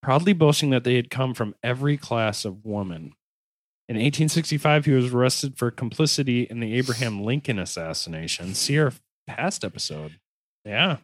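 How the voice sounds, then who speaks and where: A man's voice: medium pitch, animated, normal speed, dry recording. A man hosting a casual podcast, reading history notes aloud and breaking into laughs and goofy asides. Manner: laughs often, goofy bits. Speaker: podcast host.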